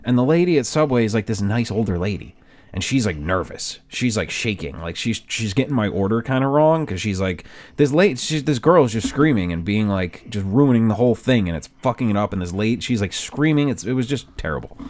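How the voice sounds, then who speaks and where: A man, co-hosting a podcast and telling stories in a casual chat, acting out the people he quotes in loud voices and laughing often. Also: lowish voice, lively intonation, brisk. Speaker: podcast co-host.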